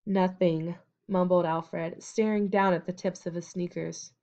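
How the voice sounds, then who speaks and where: A woman reading a novel aloud as an audiobook narrator, in an even, measured storytelling manner. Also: lowish voice, vocal fry, muffled recording.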